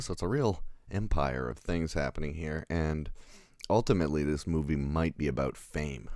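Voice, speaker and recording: A man's voice: very deep voice, a little mellow, dry recording, studio quality. A man reviewing a film in a casual livestream, rambling, chuckling and answering live chat as he goes.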